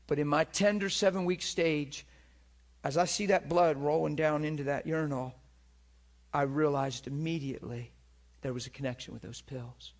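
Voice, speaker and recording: A man's voice: a little high, moderate pace. A middle-aged man preaching a storytelling sermon, acting out voices and crying out in places. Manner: animated, acts out voices and cries out.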